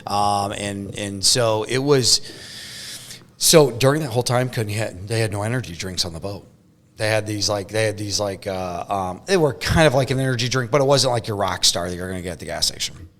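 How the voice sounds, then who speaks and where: Man, podcast host, casual chat, rambling with restarts, fairly low voice. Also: a little fast, fairly bright tone. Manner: rambling, frequent restarts and fillers. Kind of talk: casual conversation.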